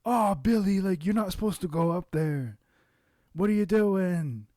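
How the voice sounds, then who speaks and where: A man putting on a high, exaggerated voice to play a flustered older British man scolding his dog. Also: animated, measured pace, warm tone, no echo, clean studio sound. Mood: mock scolding.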